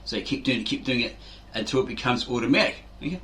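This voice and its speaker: A little hiss or hum sits under a fast, animated, mid-range male voice with a fairly bright tone. He's a fitness channel host rambling through a casual explanation, acting out quotes and tagging lines with "right?"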